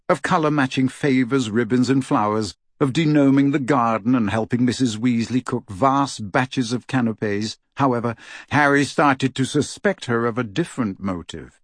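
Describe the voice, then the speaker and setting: A man narrates a storybook with an expressive, lively telling that rises and falls a great deal. His voice is husky rather than smooth. The recording is dry and close, with no room echo. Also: mid-range voice. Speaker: audiobook reader.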